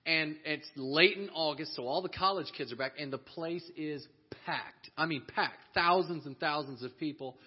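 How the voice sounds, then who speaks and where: A man with a husky, slightly high voice tells a personal story with plenty of energy. He laughs often and acts out each person he quotes. The audio is dull and lo-fi. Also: normal speed, few pauses. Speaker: speaker telling a story to a church audience.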